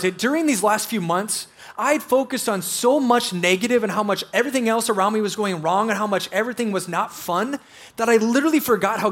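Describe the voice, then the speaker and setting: A man preaching a sermon in an earnest, reflective way, slowing down to dwell on scripture lines. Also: high-pitched. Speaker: pastor.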